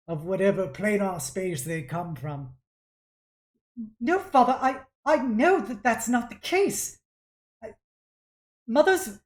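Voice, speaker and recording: A woman voicing a young female construct who pleads with her father, her voice raised high and strained. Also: reverberant.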